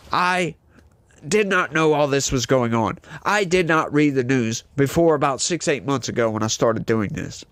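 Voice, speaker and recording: A man's voice: mid-range voice, no echo. A man with a southern Louisiana accent, reading the news and giving heated opinion commentary, hyper and ranting with lots of rhetorical questions. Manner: hyper and scattered. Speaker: political commentary host.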